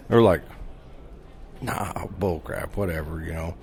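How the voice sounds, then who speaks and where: Low-voiced man telling a lively hunting-camp story. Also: measured pace, vocal fry, long pauses, a little hiss or hum. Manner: animated, laughs often, many restarts; acts out quoted dialogue. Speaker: podcast guest. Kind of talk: casual storytelling chat.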